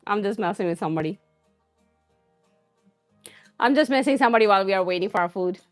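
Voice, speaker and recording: Talking fast in an animated, medium-pitched voice, a woman chats casually during her cooking live stream, answering viewer comments and laughing frequently, with faint music behind her.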